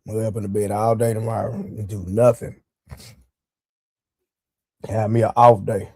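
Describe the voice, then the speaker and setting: A man hosts a casual live stream in a lowish, fairly flat voice with a darkish tone, speaking at normal speed with long pauses. He jokes loosely, greets viewers by name and talks straight to chat while eating, his leg sore; the studio-quality sound has no echo.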